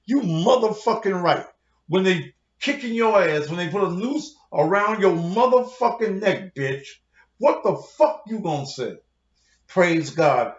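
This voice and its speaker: A pastor with a high-pitched, expressive voice speaks a little slowly as he delivers a heated, confrontational livestream rant full of cursing to his online audience. The lo-fi recording sounds roomy and dull.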